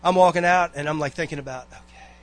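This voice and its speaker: A man's voice: fairly high pitch, fast. Rambling, folksy man exhorting a congregation. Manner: rambling, folksy, with frequent asides. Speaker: church member giving a talk. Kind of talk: casual church exhortation.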